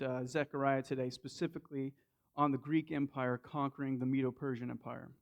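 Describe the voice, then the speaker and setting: A man with a Southern US accent preaching a sermon in a conversational way, restarting and repeating words as he goes. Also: medium pitch. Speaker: lay preacher. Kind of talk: sermon with a personal story.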